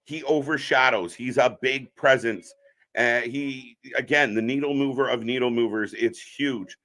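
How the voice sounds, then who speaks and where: A man co-hosting a live wrestling stream, chatting casually and reacting loudly to the action. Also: medium pitch, measured pace.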